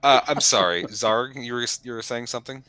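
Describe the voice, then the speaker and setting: A man's voice: medium pitch, fairly quick, pushed and bright, clear, resonant tone, no echo. A man running a tabletop game as game master, narrating in a rambling, self-correcting way.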